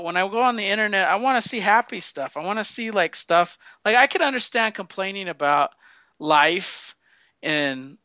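A man's voice: sits high, lively intonation, normal speed, sharp tone, no room sound, muffled recording. A man co-hosting a casual podcast chat, blunt and swearing often. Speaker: podcast co-host.

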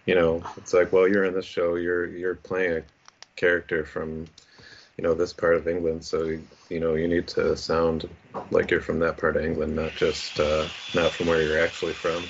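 A man in casual podcast chat who explains things in a measured way, thinking aloud with ums. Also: deep voice, completely flat delivery. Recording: muffled with clear background noise.

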